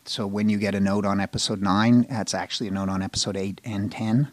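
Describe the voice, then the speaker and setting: A man speaking as a TV showrunner at a live panel, frank and animated, acting out people's reactions. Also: on the low side, quick pace, dry recording. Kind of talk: candid panel talk. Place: live event with an audience.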